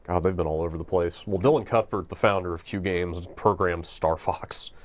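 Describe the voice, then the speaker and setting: A man with a low-pitched voice hosts a video game stream, chatting casually at a normal pace with fairly even intonation. He rambles and corrects himself with dry humor as he plays. Faint game music sits in the background.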